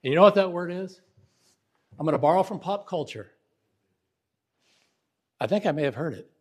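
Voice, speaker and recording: A man's voice: a little high, expressive, moderate pace, husky. A male preacher giving a Bible lesson in sermon style, emphatic and often asking the audience rhetorical questions. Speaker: preacher teaching Bible syntax.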